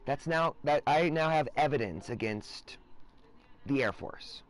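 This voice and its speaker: A man's voice: mid-range voice, animated, unhurried. Rambling man with sudden screaming rants. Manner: erratic, swings into loud profane rants. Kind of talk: rambling casual monologue.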